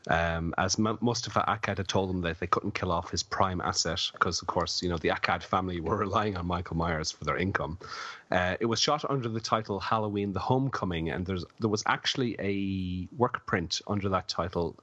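A man's voice: deep voice, a little fast, pushed and bright, dry recording. A man on a casual podcast, a little drunk and slurring, rambling through film trivia with many fillers. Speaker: podcast co-host. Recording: dull lo-fi dry sound.

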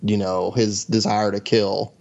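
Low-voiced man, dull lo-fi podcast sound. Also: measured pace, creaky. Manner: relaxed, frequent "you know" and "like". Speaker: podcast co-host. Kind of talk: casual chat.

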